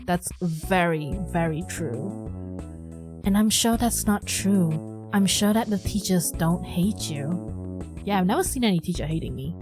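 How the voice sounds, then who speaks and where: A woman's voice: lowish voice, a little slow, music in the background. A woman gaming streamer reacting bluntly while playing a story game and reading its narration aloud. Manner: reacts bluntly, expressive asides. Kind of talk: let's play commentary and reading game text.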